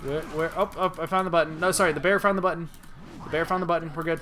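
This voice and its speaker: A man's voice: on the high side, steady tone, fast talker, a bit bright. A man streaming a video game, talking to himself in playful, rambling chat. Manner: playful, rambling self-talk.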